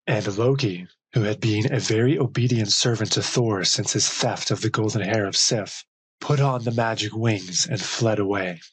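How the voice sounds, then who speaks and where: A man narrating an audiobook of old legends with slow, measured, deliberate phrasing. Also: fairly low pitch, husky, no echo, rough recording. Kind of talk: scripted storybook narration.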